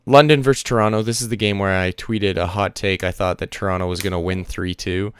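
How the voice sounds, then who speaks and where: Smooth-voiced man talking esports. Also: deep voice, steady tone, a little fast, no room sound, studio quality. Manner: chatty, rattles off teams and players. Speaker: podcast co-host. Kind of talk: casual esports chat.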